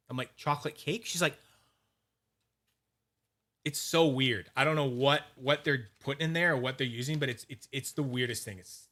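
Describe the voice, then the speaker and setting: A man with a medium-pitched, pushed, bright voice hosts a casual livestream for his fidget collector channel. Polishing on camera and reading chat usernames, he rambles and swears, often starting over and sprinkling in fillers and quick asides.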